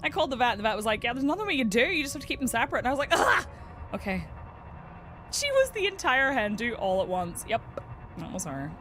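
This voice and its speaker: Faint music plays behind a woman whose fairly high voice moves at a quick pace. She streams a game while chatting casually, spinning stories with plenty of animation and frequent laughter.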